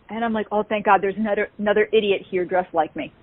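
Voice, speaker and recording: New woman telling a lively story. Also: medium pitch, quick pace, few pauses, dry recording. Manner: animated, acts out quoted dialogue. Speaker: interview guest. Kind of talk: casual storytelling. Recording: tinny phone-like call audio.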